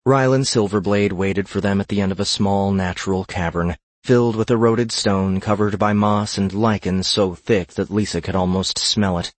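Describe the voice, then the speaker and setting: A man reading a fantasy gaming story aloud in a steady narrating voice. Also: lowish voice, moderate pace, no room sound.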